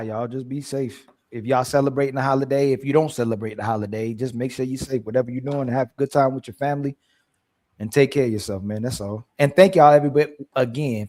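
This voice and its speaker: A man's voice: mid-range voice, a little mellow. A man hosting a casual livestream chat, laid-back and teasing in his banter. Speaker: host.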